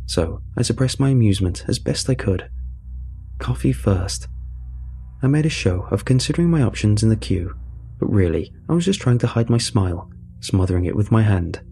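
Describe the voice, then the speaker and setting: A man narrating a first-person story in a measured, dry way. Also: fairly low pitch, expressive, gravelly, warm tone, slight background noise.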